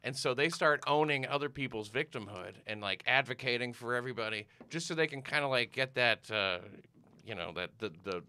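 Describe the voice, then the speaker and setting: A man's voice: medium pitch, expressive, a little fast, sharp tone, smooth. A man in casual conversation, rambling through stories with lots of fillers and restarts. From United States. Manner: rambling storyteller, trails off with fillers. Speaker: comedian guest. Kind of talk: casual chat.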